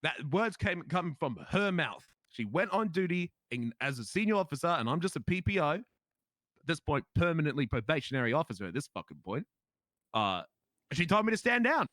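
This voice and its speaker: A man's voice: on the high side, a bit bright, no echo. Australian man, role-play cop, indignant, emphatic, dry close sound. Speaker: police officer in a role-play game. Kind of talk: in-character role-play storytelling.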